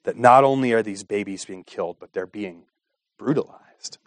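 A man preaching a sermon with impassioned delivery, asking rhetorical questions and swinging between hushed and raised passages. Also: fairly low pitch, normal speed. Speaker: pastor.

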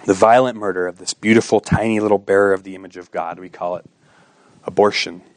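A man preaching a sermon with impassioned delivery, asking rhetorical questions and swinging between hushed and raised passages. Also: low voice, fairly even intonation, quick pace, dry recording. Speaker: pastor.

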